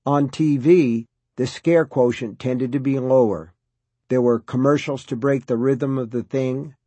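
A man's voice: medium pitch, dark tone, husky, no room sound. A man, the author, reading a wry, conversational introduction to his own story.

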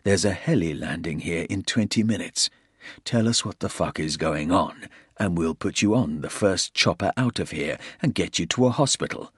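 A man's voice: sits low, expressive, normal speed, breathy edge, no echo, clean studio sound. A man voicing a hard, menacing soldier who threatens a captive. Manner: threatening, snarling, blunt.

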